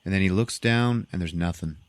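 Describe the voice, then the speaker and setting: A man's voice: low-pitched, brisk, dry recording. A man hosting a podcast, retelling a movie's plot in a casual, profane way and laughing often. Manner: animated, profane storytelling with frequent laughs. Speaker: podcast host.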